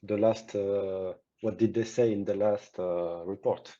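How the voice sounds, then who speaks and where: A man with a very dark, mellow voice speaks in character at a tabletop game. His sound comes through a dull, lo-fi mic. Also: fairly low pitch, fairly even intonation, unhurried. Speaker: player.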